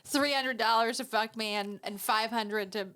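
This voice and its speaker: Female podcast co-host, high voice, giggly and dry. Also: steady tone, moderate pace, bright, forceful tone. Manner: laughing, playing along with dry follow-up questions. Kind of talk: casual comedic podcast banter.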